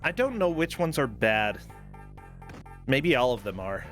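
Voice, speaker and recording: A man's voice: medium pitch, unhurried, faint music behind. A man hosting a casual game stream, commenting playfully on the action and cracking jokes. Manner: playful, jokey, animated. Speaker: stream host.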